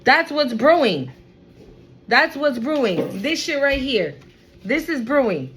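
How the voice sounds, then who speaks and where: Slow, emphatic woman giving a reading. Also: high-pitched, sing-song, a bit bright, a little hiss or hum, low-quality recording. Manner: emphatic, repeats phrases, addresses viewers as y'all. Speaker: tarot reader. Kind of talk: spiritual reading to camera.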